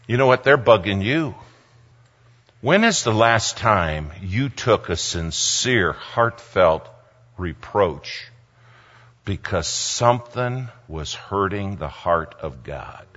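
A man preaching a sermon, swinging from loud exclamations to hushed near-whispers. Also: lowish voice, big pitch swings, slow pace. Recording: long hall reverb, slightly dull sound.

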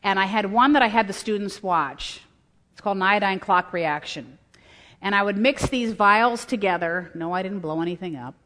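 A woman's voice: mid-range voice, normal speed, fairly bright tone. Woman preaching in a reverberant hall. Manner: earnest storytelling, voices quotes. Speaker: women's conference speaker. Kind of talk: sermon.

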